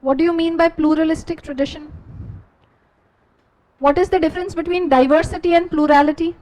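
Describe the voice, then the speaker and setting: An Indian English-accented woman teaches a class, dictating notes at a slow, steady pace. She repeats each phrase so students can copy it down. Her voice sits notably high. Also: rough recording.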